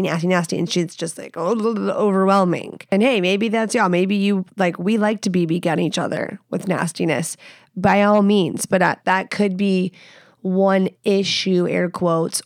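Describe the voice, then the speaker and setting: Woman podcast host, gravelly voice, dry close sound, cusses a lot and laughs at her own jokes. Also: mid-range voice, darkish tone, dry recording. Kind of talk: frank, casual sex-advice talk.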